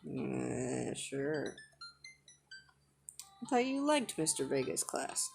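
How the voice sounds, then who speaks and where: A woman voicing an awkward, earnest single dad who rambles gently while trying to talk with his teenage daughter. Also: very deep voice, big pitch swings, slow, gravelly, soft background music, heavily acted. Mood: gentle. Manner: gentle, rambling, fumbling for words. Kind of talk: reading a dating-sim script aloud.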